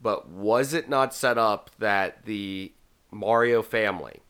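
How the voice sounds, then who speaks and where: A man's voice: fairly low pitch, slow pace, fairly bright tone, smooth. A man hosting a casual podcast chat, rambling and often repeating his words. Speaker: podcast host.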